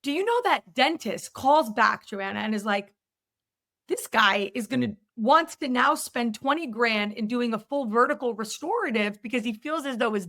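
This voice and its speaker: A woman podcast host and myofunctional therapist telling a story in conversation, acting out the quoted dialogue with energy. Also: a little high. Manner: animated, acts out quoted dialogue in her stories.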